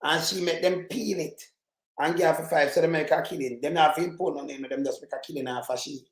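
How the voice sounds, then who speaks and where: A man's voice: a little high, fairly even intonation, fast, roomy sound, rough recording. A man with a Jamaican accent giving rambling, emphatic commentary in patois.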